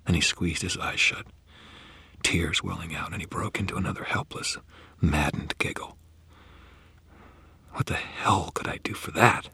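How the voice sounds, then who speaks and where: A man narrating first-person fiction in a grave manner, often dropping into a hushed whisper. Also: deep voice, unhurried, vocal fry, pauses often, husky, dry recording. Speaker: audiobook narrator.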